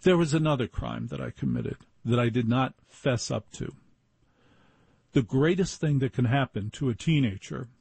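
A man's voice: mid-range voice, vocal fry, a little mellow, slightly rough, dry recording. An older man hosting a show, telling wry personal stories in a conversational way and acting out the voices of the people in them. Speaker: show host. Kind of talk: storytelling monologue.

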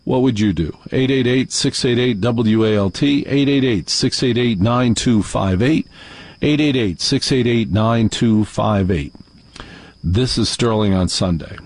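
A male radio talk show host airs his complaints with wry indignation. The recording is close and dry, with no room sound. His pitch is medium. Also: unhurried, no echo.

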